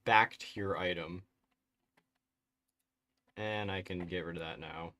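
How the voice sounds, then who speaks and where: A man with a soothing, soft-spoken voice giving casual live-stream commentary, thinking aloud, mumbling and correcting himself as he works. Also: deep voice, fairly even intonation, takes it slowly.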